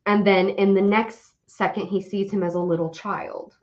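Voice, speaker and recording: A young adult woman co-hosting a podcast in casual chat, animated and swearing often as she rants. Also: medium pitch, normal speed. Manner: animated, swears often, laughs while ranting. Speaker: podcast co-host. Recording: dull lo-fi audio.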